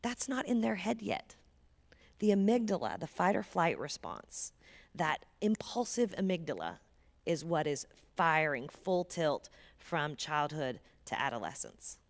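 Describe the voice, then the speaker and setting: A woman with a somewhat low, gravelly voice gives an earnest parenting talk to a church audience. She speaks conversationally and drops to a near whisper to stress a point. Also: very animated, measured pace. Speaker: guest speaker.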